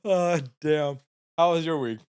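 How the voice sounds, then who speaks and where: A man's voice: fairly high pitch, a little slow, a little mellow, smooth. A man co-hosting a casual podcast, playful and laughing often as he asks his co-host questions. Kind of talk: casual chat.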